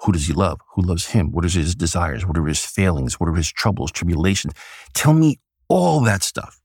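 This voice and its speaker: A man doing an impression of an exuberant elderly comics legend, talking in a booming, theatrical, emphatic way. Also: expressive, moderate pace, darkish tone, breathy edge, dry recording, studio quality, full character voice.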